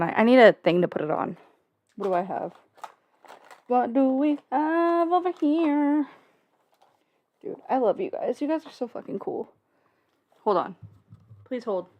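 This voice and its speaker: A woman's voice: fairly high pitch, a little mellow. A young woman hosting a casual livestream from home, rambling and joking with plenty of swearing and filler words. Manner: profane, jokey, rambling with many fillers. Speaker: livestream host.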